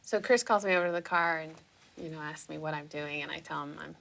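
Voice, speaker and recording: A young woman telling her own story in a casual, animated way, acting out her past reactions. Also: low voice, quick pace, gravelly, crowd noise.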